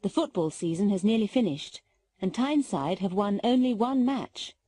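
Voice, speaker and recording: A woman's voice: mid-range voice, animated, normal speed, dark tone. British woman reading textbook narration. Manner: clear, careful reading.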